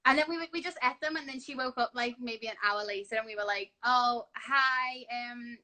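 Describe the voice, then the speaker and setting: Bright-voiced woman, giggly and playful. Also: a little high, fast talker, poor audio. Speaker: guest on a livestream. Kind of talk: casual livestream chat. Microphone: video call on a phone livestream.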